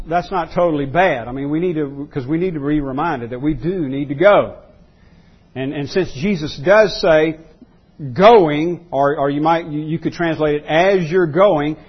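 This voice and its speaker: A male pastor delivers a sermon in a slightly higher, husky voice. He stumbles and restarts often, repeating key words to drive the point home. The recording sounds dull and lo-fi.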